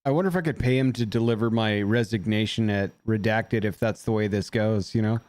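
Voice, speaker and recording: A man's voice: lowish voice, a little fast, a little mellow, no echo. A man in a casual podcast chat, reacting briefly and making a dry joking aside. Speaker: podcast co-host.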